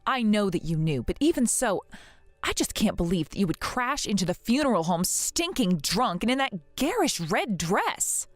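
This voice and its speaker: A grieving young wife, voiced by a woman in an animated story drama, earnest and wounded as she pleads. Her pitch moves in lively swings. The voice is dry and close over faint music. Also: normal speed, no echo. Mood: hurt.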